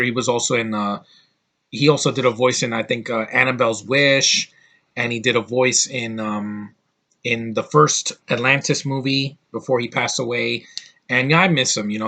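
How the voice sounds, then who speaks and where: A man's voice: medium pitch, sharp tone. A man giving a casual, rambling movie review, with lots of fillers and restarts.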